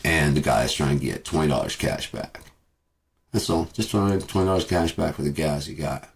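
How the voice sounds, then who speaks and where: A man's voice: rumbling low, a little fast, vocal fry, slight background noise. A man delivering a bitter, profane rant as a vlogger, repeating himself as he talks. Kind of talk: profane ranting monologue.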